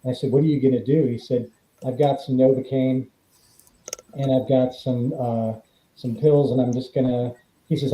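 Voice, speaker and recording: A middle-aged man spins stunt stories in a deep, very mellow voice, voicing the people in them as he goes. The sound is roomy, with echo off the walls. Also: moderate pace. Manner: animated anecdote-telling, acts out quoted dialogue. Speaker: guest, former stuntman. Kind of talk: storytelling in a podcast interview.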